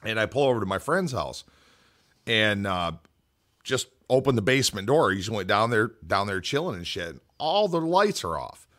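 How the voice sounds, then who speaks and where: A man's voice: fairly low pitch, moderate pace. A man co-hosting a podcast, telling a story in a casual, profane way. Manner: profane, animated storyteller with quoted voices. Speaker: podcast co-host.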